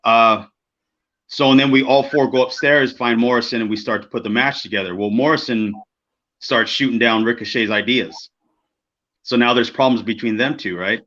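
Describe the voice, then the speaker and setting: Animated storytelling man, bright lo-fi sound. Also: mid-range voice, normal speed. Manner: animated, acts out quoted people, swears freely. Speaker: podcast co-host, former wrestler. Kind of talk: casual storytelling. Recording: dull lo-fi podcast audio.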